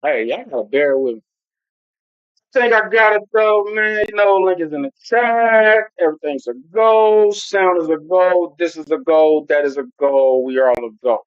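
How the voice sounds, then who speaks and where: A man's voice: sits high, expressive, normal speed, clean tone, dry recording. Loose-talking man on a dull, dry stream. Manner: loose, rambling, talks straight to chat. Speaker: football livestream host. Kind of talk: casual livestream chat. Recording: dull lo-fi home stream audio.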